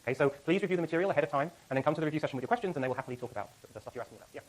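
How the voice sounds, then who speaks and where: Addressing a lecture hall, a middle-aged university lecturer delivers class announcements at speed, his slightly high voice expressive yet cluttered with fillers and self-corrections.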